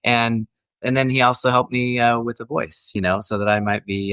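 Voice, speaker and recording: A man's voice: medium pitch, fast talker, fairly bright tone, no echo. A middle-aged man, an actor guest, telling stories in a friendly, casual interview chat with frequent restarts.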